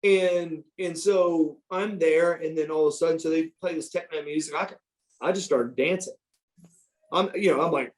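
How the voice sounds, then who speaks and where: A man in his fifties from the United States, spinning profane, animated tales as a podcast guest. His voice sits a bit higher than most men's. He stumbles and restarts as the stories tumble out. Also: normal speed, low-quality recording. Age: 50s. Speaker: guest, former pro wrestler. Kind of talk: storytelling in a podcast interview.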